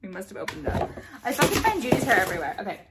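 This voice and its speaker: A woman's voice: medium pitch, wildly swooping pitch, racing, heavy background noise. A woman vlogger chatting casually to viewers about things she bought, blunt and profane, ranting now and then. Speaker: vlogger showing purchases. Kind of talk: casual haul chat to viewers.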